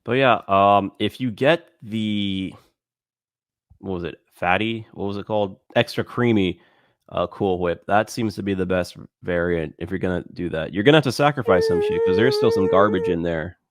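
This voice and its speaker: Low-voiced casual male podcast co-host. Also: very animated, no echo, clean studio sound. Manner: reads ingredient lists aloud, halting with fillers. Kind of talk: casual chat.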